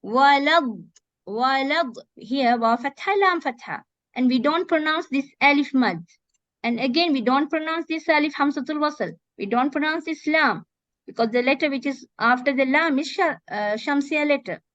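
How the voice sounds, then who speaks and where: A woman teaching Quran recitation in an online lesson, demonstrating words slowly and often correcting herself. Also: sits high, fairly bright tone, dry recording. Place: online video call. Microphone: computer mic on a video call. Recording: dull, dry video call audio.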